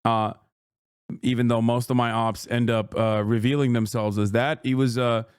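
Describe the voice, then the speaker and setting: A man's voice: mid-range voice, little pitch movement, normal speed, clear, resonant tone, dry recording, studio quality. A male streamer ranting in live commentary, profane and heated, with sarcastic mockery.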